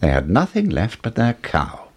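A man narrating a fairy tale in an expressive storytelling manner. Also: fairly low pitch, moderate pace, breathy edge.

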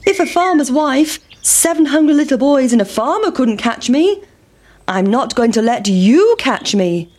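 Woman doing a squeaky boastful runaway pancake. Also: animated, unhurried, a little mellow. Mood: defiant. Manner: boastful, defiant taunting. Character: cheeky runaway talking pancake.

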